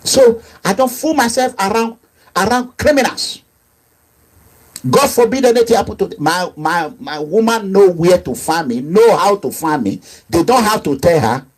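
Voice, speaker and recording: Husky, high-voiced Nigerian man. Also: animated, moderate pace. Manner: emphatic, repetitive, swings between low asides and raised outbursts. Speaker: activist movement leader. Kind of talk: impassioned monologue.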